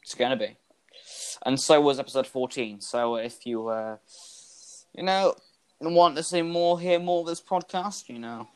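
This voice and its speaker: A man narrating a tabletop game as game master for a podcast, in a loose, rambling way full of fillers and sudden loud bursts. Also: medium pitch, normal speed, clear, resonant tone.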